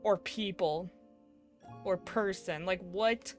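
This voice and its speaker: A woman's voice: on the low side, takes it slowly, darkish tone, faint music behind. A woman streamer giving casual, wry, amused commentary over a game.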